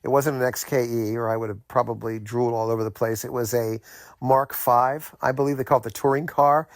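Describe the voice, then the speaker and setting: Gravelly middle-aged man telling a story. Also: mid-range voice, steady tone, no echo. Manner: rambling, halting, many fillers and restarts. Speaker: host telling a personal story. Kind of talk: casual first-person storytelling.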